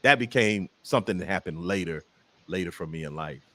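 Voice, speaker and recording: A Southern American man chats as a comedian guest, his pitch swooping up and down as he tells stories. He talks in a jokey way. The sound is dry, with no room echo. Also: fairly quick. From Southern United States. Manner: animated storyteller, jokey. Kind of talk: casual interview chat.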